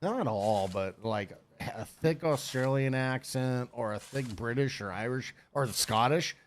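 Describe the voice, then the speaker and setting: A man's voice: mid-range voice, measured pace, a little hiss or hum. A middle-aged man hosting a game stream, chatting in a loose, rambling way. He is blunt and swears freely as he riffs with his friends. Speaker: streamer host. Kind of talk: casual chat on game stream.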